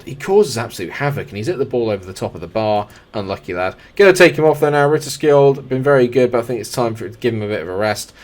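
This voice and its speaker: A young man with a lowish voice talks through a football sim match as he plays it. He jumps into excited play-by-play calls, then drops back into relaxed, chatty remarks aimed at his players. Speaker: gaming YouTuber. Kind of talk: live football sim commentary.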